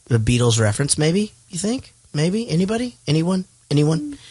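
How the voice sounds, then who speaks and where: A man's voice: fairly high pitch, sing-song, moderate pace, a little mellow, husky. A man hosting a movie podcast, chatting casually and rambling, joking and swearing. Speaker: podcast host. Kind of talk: casual movie-review chat.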